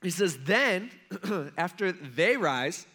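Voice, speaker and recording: A man delivers a relaxed, conversational sermon, retelling scripture like a story with voiced characters. His voice sits high for a man and rings bright and forceful. He swings between loud, emphatic lines and hushed asides. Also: takes it slowly. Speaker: preacher. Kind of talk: casual sermon.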